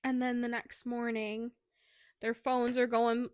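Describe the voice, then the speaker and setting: A woman's voice: on the high side, flat delivery, dry recording, clean studio sound. Chatty young woman recapping a book. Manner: retells plot rapidly with many fillers. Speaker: podcast co-host. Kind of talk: casual book review chat.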